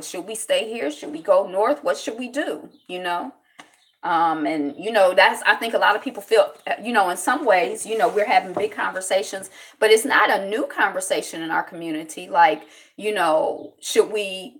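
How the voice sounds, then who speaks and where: A woman hosting a casual solo commentary show, talking in a rambling, reflective way with many fillers and greeting viewers by name. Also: medium pitch. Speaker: show host.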